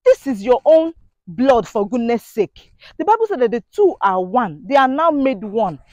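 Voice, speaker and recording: High-voiced indignant woman vlogging. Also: very animated, moderate pace, darkish tone, no echo. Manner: preachy, indignant, rhetorical questions. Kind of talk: impassioned monologue to camera.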